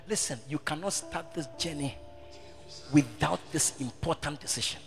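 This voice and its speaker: A man, the pastor, leading a prayer and an altar call in church, swinging from hushed pleading to shouted appeals. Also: mid-range voice, fairly even intonation, unhurried, long pauses, big-room sound, faint music behind. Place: church service with music behind.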